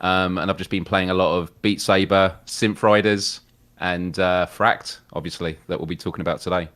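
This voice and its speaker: A man's voice: low-pitched, fairly even intonation, moderate pace, fairly bright tone. A man guesting on a live gaming show, explaining his projects in an easygoing, chatty way. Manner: easygoing, explanatory, loose with fillers. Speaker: guest co-host. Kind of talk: casual chat.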